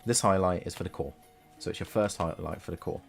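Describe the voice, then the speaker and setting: A man's voice: low voice, creaky, faint music behind. A man, casually chatting and laughing on a live stream while painting miniatures. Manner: chatty and playful, quick to laugh.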